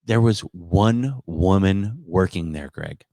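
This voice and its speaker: Animated male comedian telling a story. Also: sits low, slow, dry recording, clean studio sound. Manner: animated, quotes others in put-on voices. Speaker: podcast host and comedian. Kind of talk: casual storytelling chat.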